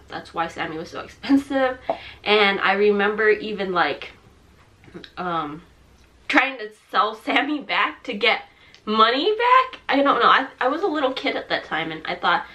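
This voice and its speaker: Tearful young woman with a bright voice. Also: medium pitch. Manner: halting, emotional, many fillers and restarts. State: mucus in throat, clearing throat. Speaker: vlogger. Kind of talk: personal talk to camera.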